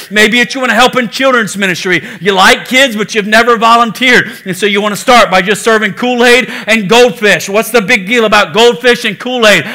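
A male pastor preaching a sermon to a congregation, swinging from loud exhortation to hushed pleading and acting out quoted voices. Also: high voice, a little fast, hardly any pauses. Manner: acts out quoted voices in everyday speech. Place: church sanctuary.

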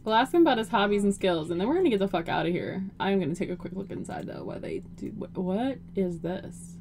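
A woman's voice: medium pitch, lively intonation, fast, gravelly, a little mellow, a little hiss or hum. A young woman giving casual, profane, joking commentary over a life-simulation game and talking to her character. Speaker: gaming video host.

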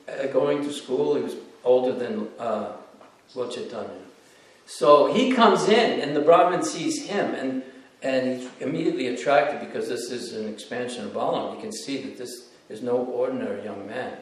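Male devotional lecturer, animated storyteller, distant mic, very echoey hall. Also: medium pitch. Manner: animated, acts out the voices in stories.

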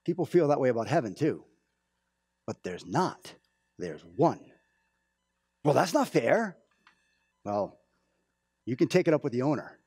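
A pastor preaching a casual, storytelling sermon, with many restarts and asides. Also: male voice, mid-range voice, very animated, normal speed, long pauses, warm tone, husky, dry recording, studio quality. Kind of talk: conversational sermon. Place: church.

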